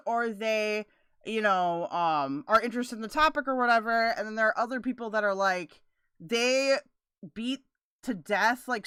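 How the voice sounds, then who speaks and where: A woman reacts to clips on her stream in casual, blunt commentary. Her voice sits high and comes through smooth and clean. The sound is dry and close to the mic. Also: a bit bright, no echo. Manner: blunt, reacts with swearing and disgust.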